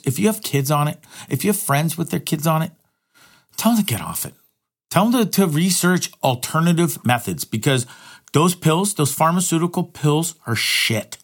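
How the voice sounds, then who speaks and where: A middle-aged man talks straight to his viewers in a candid, rambling monologue. His voice sits a little higher than most men's, and he swears freely, stumbling over and repeating words as he goes. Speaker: vlogger and live streamer.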